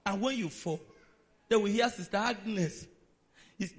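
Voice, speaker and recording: A man's voice: high voice, unhurried. A man preaching a sermon in a dramatic, emphatic way.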